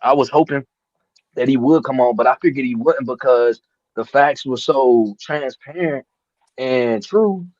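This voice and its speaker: A man's voice: mid-range voice, measured pace, darkish tone, no room sound. A man hosting a casual boxing talk show, rambling and cursing, often asking "you know what I'm saying". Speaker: boxing podcast host. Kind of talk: casual chat. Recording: dull dry lo-fi mic.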